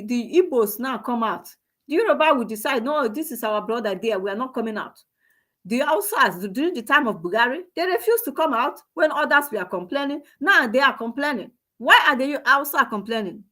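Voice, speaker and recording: A woman's voice: a little high, pushed and bright. A woman with a Nigerian accent delivering an emotional, exclamatory commentary monologue, repeating herself and calling out to God. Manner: emotional, repetitive, exclamatory, preachy. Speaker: online commentator.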